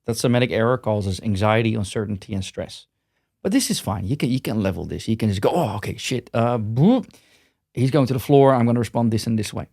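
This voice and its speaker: Man, podcast guest, lowish voice, dry close mic, rambles and restarts a lot. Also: fast talker, creaky, darkish tone, dry recording. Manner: rambling, frequent restarts and repeated words. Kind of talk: casual interview conversation.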